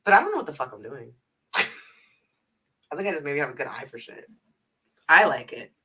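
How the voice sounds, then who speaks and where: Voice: medium pitch, big pitch swings, fairly quick, pushed and bright, husky, distant mic, rough recording. A speaker from the north side of Houston with a Houston Texan accent, rambling through a casual livestream chat with lots of 'like', free swearing and frequent laughs. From north side of Houston, Texas. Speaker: livestreamer and travel agent. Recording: voice a little off-mic.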